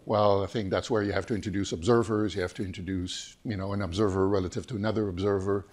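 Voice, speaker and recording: A man lecturing on physics in a seminar discussion, hoarse and hesitant, with many fillers and restarts. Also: on the low side, steady tone, quick pace, a little mellow. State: hoarse, losing his voice.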